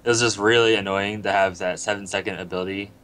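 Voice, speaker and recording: A man who is a guest on a casual panel chat, talking in a relaxed, hesitant way with many fillers. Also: on the low side, quick pace, a little hiss or hum. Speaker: guest player.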